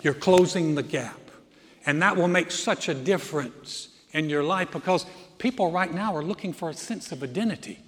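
A pastor in his sixties preaches in a hall with long reverb, his voice on the high side, fairly bright, and at normal speed. He is emphatic, building through rising lists and telling stories with humorous asides.

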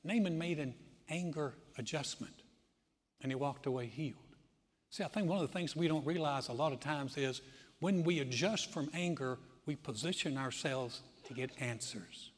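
A man preaching a sermon as pastor, telling stories with lively acted-out quotes. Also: mid-range voice, husky, big-room sound. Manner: animated storytelling, acting out quoted voices.

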